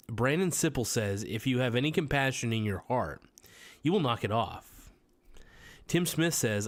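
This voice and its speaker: A man hosting a casual podcast livestream, reading chat comments aloud and answering them with crude, irreverent jokes on a close mic. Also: medium pitch.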